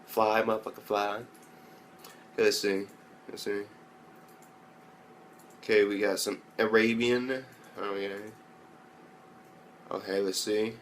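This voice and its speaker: A man's voice: lowish voice, fairly even intonation, slow pace, long pauses, slight background noise. A young man giving a loose, rambling spoken recap as an anime reviewer, swearing often and mimicking characters in raised voices. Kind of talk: casual profane recap.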